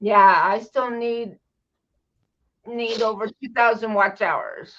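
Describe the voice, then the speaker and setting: Slow-talking woman on a stream panel. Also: on the high side, fairly even intonation, a bit bright, slight background noise. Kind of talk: casual chat on a livestream. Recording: dull lo-fi call audio.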